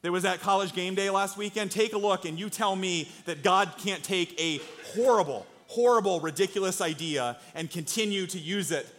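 Male pastor, fairly high voice, earnest conversational sermon delivery with lots of rhetorical questions. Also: moderate pace, hardly any pauses, a bit bright, slight background noise. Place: church sanctuary.

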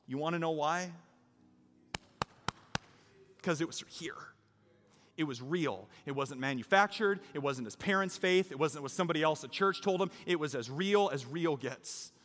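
A man's voice: on the high side, moderate pace, a bit bright. A man preaching a sermon, telling a story in a conversational way and building to an exhortation to his congregation. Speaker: pastor. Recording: reverberant hall with faint music.

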